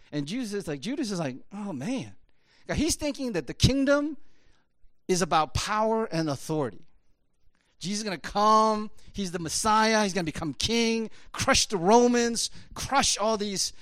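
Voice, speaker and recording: High-voiced man preaching, animated. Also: dry recording, studio quality. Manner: animated, rhetorical, with frequent "right?" asides. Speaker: pastor. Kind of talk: conversational sermon.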